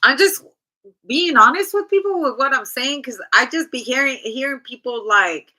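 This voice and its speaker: A woman's voice: on the high side, expressive, moderate pace, pushed and bright, low-quality recording. A woman giving a casual tarot reading in a blunt, chatty, profane way. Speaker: tarot reader.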